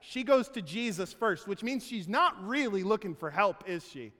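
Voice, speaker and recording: A man's voice: high voice, expressive, normal speed, sharp tone. A male pastor giving a sermon in a conversational, humorous way, often checking in with his listeners through tag questions. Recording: long hall reverb.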